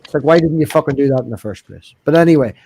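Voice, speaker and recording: A man's voice: a little high, rapid-fire, gravelly, mellow, a little hiss or hum. A man with a Northern Irish accent telling wry, chatty anecdotes in casual conversation. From Northern Ireland. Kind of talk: casual chat.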